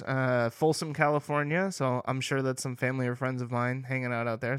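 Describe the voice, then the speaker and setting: Smooth-voiced man on a dry mic. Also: mid-range voice, no room sound. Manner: joking, laughs often, trails off with fillers. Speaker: podcast co-host. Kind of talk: casual chat.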